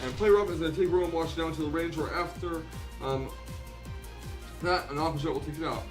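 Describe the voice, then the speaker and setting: A young man commentates a game battle in a quick, casual flow. His voice sits a little high, and he stumbles and fixes his words often. Soft music plays quietly behind him. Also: fairly even intonation. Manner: chatty, fast, with frequent ums and self-corrections. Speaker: gaming channel host.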